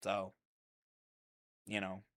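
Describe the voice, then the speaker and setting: Bright-voiced man telling rambling stories. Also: deep voice, monotone, extremely slow. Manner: rambling, profane, repeats himself. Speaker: channel host. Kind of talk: casual storytelling monologue.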